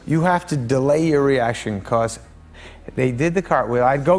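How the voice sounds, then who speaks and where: A man, a guest on a talk show, telling comic family stories with lively shouted quotes. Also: normal speed, a crowd in the background, noisy background. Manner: animated, jumps into high shouted voices for quotes. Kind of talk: comedic storytelling.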